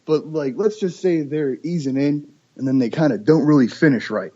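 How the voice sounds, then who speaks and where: Guest, male, raised husky voice, excitable storyteller, muffled lo-fi podcast sound. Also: fairly high pitch, moderate pace. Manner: animated storyteller, imitates duck calls and voices. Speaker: duck call maker, guest. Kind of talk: casual podcast chat.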